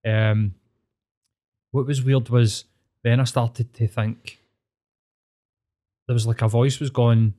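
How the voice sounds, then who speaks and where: A man's voice: mid-range voice, level tone, measured pace, long pauses, warm tone. A man with a Glasgow accent spins a long personal story in casual talk. He rambles, swears freely and leans on fillers, as a therapist chatting off duty. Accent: Scottish, Glasgow.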